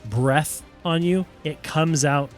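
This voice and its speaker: A man's voice: a little high, takes it slowly, faint music behind. A man narrating as game master of a tabletop game, playful and often laughing as he describes the action.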